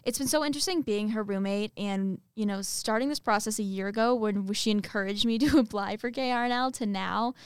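A young woman co-hosting a student podcast, chatting casually and telling stories with animated energy and frequent laughs. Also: mid-range voice, a little fast, few pauses, clean tone, no room sound. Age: young adult. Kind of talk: casual chat.

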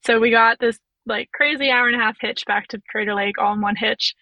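A woman's voice: on the high side, fairly even intonation, brisk, pushed and bright, no room sound, muffled recording. A young woman telling a hiking story as a podcast guest, chatty and full of "like" and "you know". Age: young adult. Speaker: podcast guest, physiotherapist and through hiker. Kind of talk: casual storytelling.

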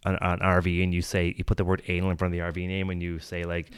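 A man's voice: deep voice, completely flat delivery, fast, clear, resonant tone, no echo. A man hosting a casual podcast chat, joking loosely, swearing and laughing often into a close mic. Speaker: podcast host.

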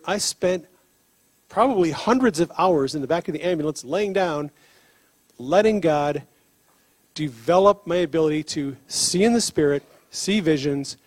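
Male preacher, high-pitched, lively storyteller, dry close sound. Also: no room sound. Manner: animated storyteller, laughs often, acts out dialogue. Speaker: preacher on healing ministry. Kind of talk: sermon with storytelling.

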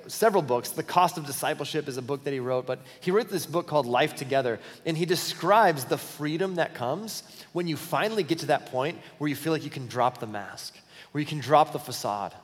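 Conversational pastor preaching in a reverberant hall. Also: male voice, mid-range voice, fairly quick. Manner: conversational, candid storyteller with restarts. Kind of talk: sermon.

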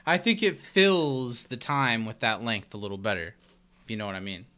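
A man's voice: medium pitch, normal speed, bright, forceful tone. A man co-hosting a podcast, chatting casually about a TV episode and laughing easily. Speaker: podcast co-host.

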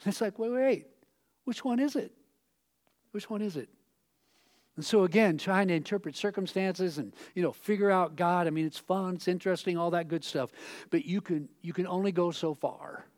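On a church stage, a male pastor with a high-pitched, steady voice preaches conversationally and fairly quickly. He acts out quoted voices and breaks into sudden loud outbursts.

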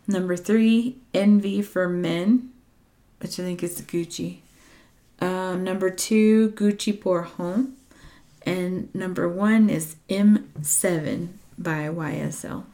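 A woman's voice: fairly low pitch, fairly even intonation, takes it slowly, warm tone. A woman chatting casually as she reads out a ranked list, often unsure and stumbling on names, with small asides. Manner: hesitant, unsure pronunciations, trailing asides.

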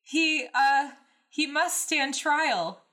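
A desperate young knight yells in a high, loud screech, as a woman acts him out. His voice rises far above her usual pitch and has a sharp, bright edge. He sounds frantic and panicked. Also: moderate pace.

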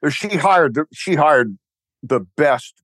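A man's voice: fairly high pitch, animated, slow pace, fairly bright tone, dry recording. An older man with a Texan accent, rambling wryly in a casual interview chat, full of restarts and fillers. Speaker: guest, church co-founder.

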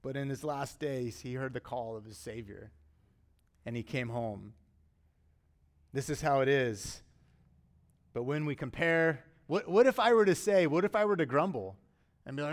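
A middle-aged man preaching a sermon as pastor, earnest and conversational, with emphatic rises and quiet drops. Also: medium pitch, animated, normal speed.

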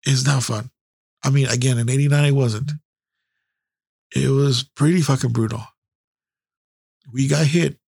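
A man's voice: mid-range voice, creaky, husky, dry recording, clean studio sound. A middle-aged man hosting a podcast, telling a candid personal story in a blunt, heavily profane way. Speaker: podcast host.

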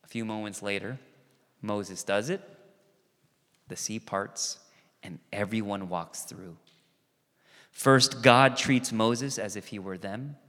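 A man preaching a sermon as pastor, animated and conversational, acting out quoted voices and asides. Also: on the low side, slow pace, pauses often. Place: church sanctuary. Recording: long reverb of a church hall.

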